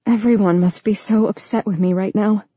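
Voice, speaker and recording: A woman's voice: medium pitch, steady tone, moderate pace, dark tone, husky, dry recording, highs cut off, lightly acted. A woman narrator voicing an anxious young woman who speaks in a hesitant, strained way.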